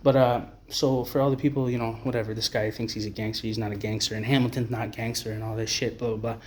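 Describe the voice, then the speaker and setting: A man's voice: mid-range voice, flat delivery, fast, a little hiss or hum. A man delivering a profane, blunt, rambling to-camera rant as an advocate for homeless people. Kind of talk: ranting to-camera monologue.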